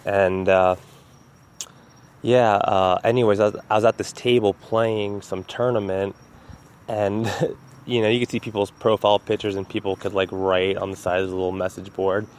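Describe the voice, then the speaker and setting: A man's voice: lowish voice, little pitch movement, moderate pace. A man hosting a casual solo podcast from home, telling rambling stories, swearing freely and laughing at them. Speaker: podcast host.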